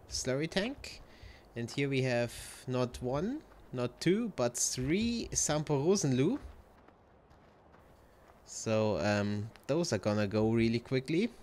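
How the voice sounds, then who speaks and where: A man's voice: medium pitch, darkish tone, a little hiss or hum. A man giving casual gameplay commentary, rambling with many ums and uhs. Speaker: gameplay video host.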